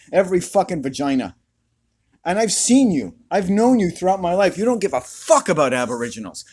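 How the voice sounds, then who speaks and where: A man with a squeaky voice ranting to camera outdoors in a furious, profane, confrontational way. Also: darkish tone, breathy edge. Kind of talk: angry rant to camera.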